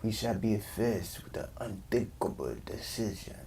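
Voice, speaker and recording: A brooding male villain with an Eastern European lilt, half-whispered and grave, as a streamer tries the voice on. The tone is dark and mellow. It is heard from a mic set some way off. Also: on the low side, lively intonation, fast, far from the mic, natural voice. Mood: menacing.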